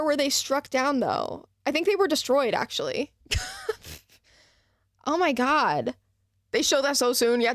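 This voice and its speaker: A woman streamer giving a live gameplay reaction, excitable and swearing, with frequent laughs. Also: high-pitched, no room sound. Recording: game music behind.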